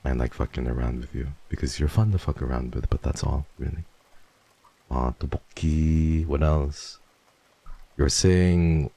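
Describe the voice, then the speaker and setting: Very deep gravelly man, playful streamer. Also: a little slow, dry recording. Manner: playful and teasing, swings between loud bursts and hushed murmurs; swears freely. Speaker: livestreamer. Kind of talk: casual livestream chat, reading donations.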